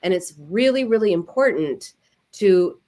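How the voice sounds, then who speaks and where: A woman therapist, a guest on an interview show, giving lively advice and acting out quoted self-talk. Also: medium pitch, a little slow. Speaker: eating disorder therapist, guest. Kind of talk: conversational advice.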